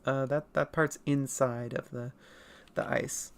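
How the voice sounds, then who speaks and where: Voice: medium pitch, fairly even intonation, slow. Artist livestream chat, casual, playful, laughs a lot, swears a bit, rambling asides. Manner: rambling, self-correcting asides. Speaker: artist streamer answering chat.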